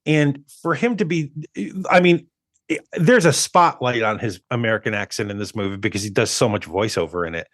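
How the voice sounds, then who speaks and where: A man co-hosting a movie podcast, in an animated, rambling manner with frequent restarts. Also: on the low side, brisk, dry recording, studio quality. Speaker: podcast co-host. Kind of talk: casual movie discussion.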